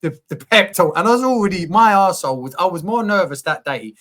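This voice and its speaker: A man telling his story in a candid conversation, open and animated, full of slang and the odd swear. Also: high voice, fast. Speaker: podcast guest, coach.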